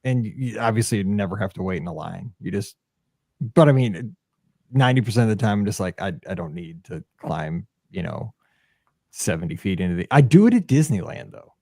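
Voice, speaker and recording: A man co-hosting a podcast in casual chat, rambling and animated with many restarts. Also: fairly low pitch, fairly quick, no room sound, clean studio sound. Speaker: podcast co-host.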